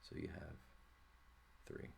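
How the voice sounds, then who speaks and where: A man's voice: takes it slowly, a little mellow, a little hiss or hum. A man teaching a lesson, explaining step by step at a board and often checking in with the listener. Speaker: Greek teacher.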